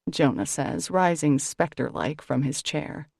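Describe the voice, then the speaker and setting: A woman reads a first-person novel with a low, gravelly voice. Her delivery is wry and conversational. The recording is dry and close. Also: expressive, a little slow, few pauses, a little mellow, dry recording. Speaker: audiobook narrator.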